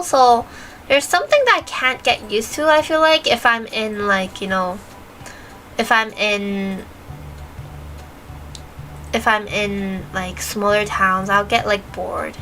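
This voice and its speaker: Over low-quality audio, a woman streamer with a slightly high, pushed, bright voice chats casually and answers questions from chat. Her accent blends British and American, and she giggles while searching for words.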